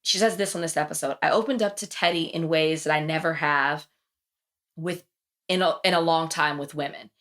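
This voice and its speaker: A woman hosting a podcast, retelling TV episodes in casual chat and acting out the quotes. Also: moderate pace. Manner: animated storytelling, acts out quotes with big pitch jumps. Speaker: podcast host.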